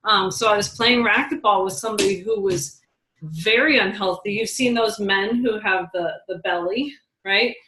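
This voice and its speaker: A woman's voice: medium pitch, moderate pace, sharp tone. A woman in the middle of her range talks loosely with her team, sharing stories in a chatty way and laughing easily. The sound carries a roomy echo. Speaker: team leader. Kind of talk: casual team talk.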